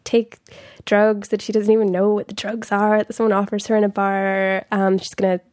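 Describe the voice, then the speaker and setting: A woman's voice: mid-range voice, monotone, moderate pace, darkish tone, no echo. A woman guest talking about a book in a casual, enthusiastic and emphatic way.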